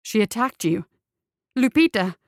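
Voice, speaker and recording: A woman's voice: medium pitch, a little slow, no room sound, clean studio sound, lightly acted. A woman voicing a nervous but determined young man in a storybook, speaking earnestly and insistently.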